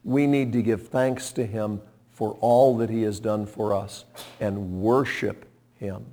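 A man delivers a sermon at an unhurried, measured pace. He tells stories as he preaches. His voice drops to a hush and then rises sharply for emphasis. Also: on the low side, fairly even intonation. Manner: storytelling preacher, swings from hushed to loud and emphatic.

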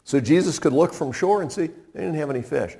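A middle-aged man preaching a sermon in a conversational, humorous way, pausing for effect. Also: on the high side, lively intonation, vocal fry, dark tone, husky. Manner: conversational and humorous, with dramatic pauses. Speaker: pastor.

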